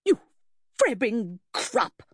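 A woman narrator puts on a pompous impostor lady who hurls her words high and loud in outraged grandeur. It is a storybook turn, dry and close to the mic. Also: big pitch swings, moderate pace, dry recording. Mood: indignant. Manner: grand, indignant, shrill. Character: shrill, pretentious fake aristocratic lady.

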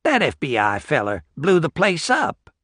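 A man's voice: fairly high pitch, huge pitch swings, a little slow, fairly bright tone, husky, no room sound, studio quality, pitched above the performer's own voice, exaggerated voice. A man voicing a laconic old rural backwoods man with clipped, folksy replies.

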